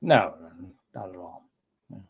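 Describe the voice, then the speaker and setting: A man's voice: deep voice, big pitch swings, slow pace, gravelly, husky, phone-quality sound. A man hosting a casual livestream chat, telling rambling stories and laughing often. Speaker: streamer.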